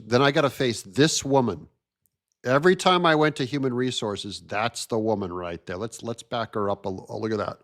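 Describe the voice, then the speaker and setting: A man's voice: mid-range voice, normal speed, a bit bright. A man hosting a commentary show, reacting to video clips with sarcastic, mocking remarks. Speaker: show host.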